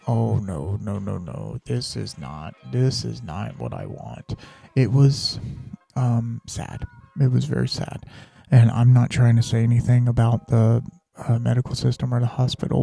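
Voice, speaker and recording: Gravelly dark-voiced man telling a story. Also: medium pitch. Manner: candid and rambling, drops to a whisper when quoting his own thoughts. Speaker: podcast host. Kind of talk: casual personal storytelling.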